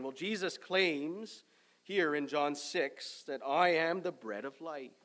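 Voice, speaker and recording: A man preaching a sermon as pastor, measured and emphatic, with a young son. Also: on the high side. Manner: measured preaching, loud emphatic start easing to quieter reflective tone.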